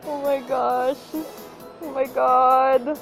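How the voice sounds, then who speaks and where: A young woman with a high voice and an unhurried way of speaking, reacting to her game pulls. She pleads and shrieks at the screen when things go wrong. Faint game music plays under her. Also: level tone. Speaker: mobile game player. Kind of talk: gacha pull reaction commentary.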